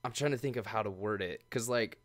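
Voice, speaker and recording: A relaxed male podcast host with a fairly low voice, talking casually and laughing easily between thoughts. He reads a sponsor message with the same loose, filler-heavy chat as the rest of the show. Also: fast talker. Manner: laid-back, chatty, laughs often, many fillers.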